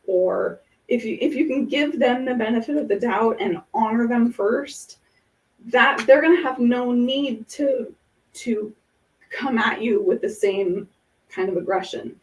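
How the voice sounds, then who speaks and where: A woman's voice: a little high, measured pace, distant mic, low-quality recording. A woman hosting a casual podcast, talking through ideas in an earnest, explanatory way with examples. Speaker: podcast host.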